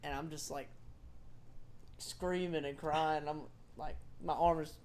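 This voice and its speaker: A young man chatting casually as a podcast co-host, telling a story with lively acted-out yelps. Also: on the high side, takes it slowly, slight background noise. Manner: animated storytelling, acts out own yelps. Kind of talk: casual chat.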